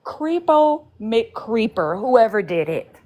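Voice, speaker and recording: Fed up woman rambling on a live stream, bit high voice, lots of likes and restarts. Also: very animated, slow, darkish tone. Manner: frustrated, rambling with fillers. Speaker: livestream host. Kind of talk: casual livestream chat.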